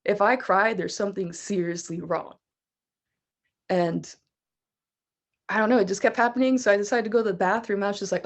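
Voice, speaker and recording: A woman's voice: mid-range voice, fairly even intonation, fairly quick, pauses often. Young female vocalist guest; chatty storyteller, loose and casual delivery. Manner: chatty, laughs often, fillers like "like".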